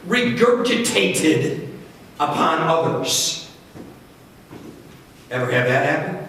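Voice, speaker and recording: A man pastor preaching a sermon, telling stories with lively swings in pitch and loudness. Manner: animated storytelling with wide swings in pitch and loudness. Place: church sanctuary. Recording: very echoey church, from far off.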